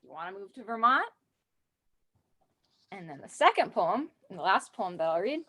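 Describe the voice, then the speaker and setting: A woman's voice: medium pitch, big pitch swings, measured pace, long pauses, a bit bright. A young woman performing her own comic and serious poems with a playful, theatrical delivery, then answering questions. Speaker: student poet. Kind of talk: poetry reading.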